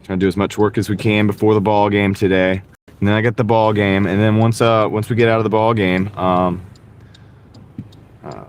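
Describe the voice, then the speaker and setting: A man talks loosely to his stream's viewers while driving between delivery orders. His voice sits low, and he rambles, often restarting phrases. A clip-on mic picks him up inside the car, with a faint hum of the vehicle underneath. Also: flat delivery, normal speed. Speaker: delivery driver live streamer. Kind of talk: casual live-stream chat while driving. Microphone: wireless clip-on mic. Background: faint car noise.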